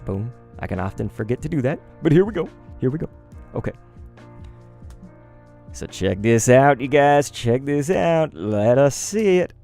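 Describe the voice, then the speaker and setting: A young man chatting excitedly on a live stream while opening trading cards, talking straight to his chat in slangy, hyped-up bursts. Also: medium pitch, measured pace, vocal fry, long pauses, soft background music.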